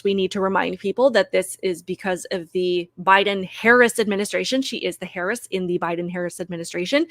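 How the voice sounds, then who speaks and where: A woman's voice: medium pitch, a bit bright, dry recording. A woman hosting a political commentary show, talking straight to viewers in an emphatic, critical way. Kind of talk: opinionated commentary to camera.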